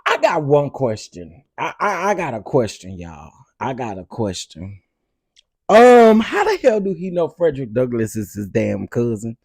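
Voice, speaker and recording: Lively laughing male commentator. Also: medium pitch, unhurried, husky. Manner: laughs often, talks straight to viewers. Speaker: host. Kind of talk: casual commentary.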